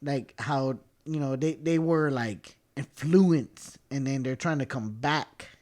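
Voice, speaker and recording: A man in his thirties co-hosting a casual podcast, excitable and laughing often, repeating words and swearing as he tells stories. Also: medium pitch, slow. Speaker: podcast co-host. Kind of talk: casual chat.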